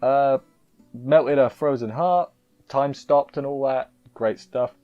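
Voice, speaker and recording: A man's voice: medium pitch, steady tone, takes it slowly, mellow, dull audio, soft background music. A man reviewing an anime episode in casual chat, rambling and emotional, often cutting himself off mid-sentence. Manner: emotional, rambling, self-interrupting.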